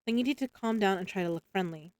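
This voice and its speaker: A woman voicing a playful, quick-witted young woman in a read-aloud story, close to her own voice. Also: medium pitch, a little mellow, dry recording, close to an everyday voice. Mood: teasing.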